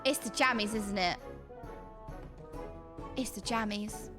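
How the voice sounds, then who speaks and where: A woman streamer giving playful, sassy, excitable commentary while playing a game. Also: mid-range voice, slow pace, soft background music.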